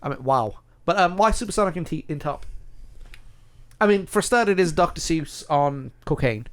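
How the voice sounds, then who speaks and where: A man's voice: on the high side, moderate pace. A British man co-hosting a podcast, chatting casually and arguing his picks with many restarts. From United Kingdom. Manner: opinionated, animated, with many restarts. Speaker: podcast co-host. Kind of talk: casual chat ranking songs.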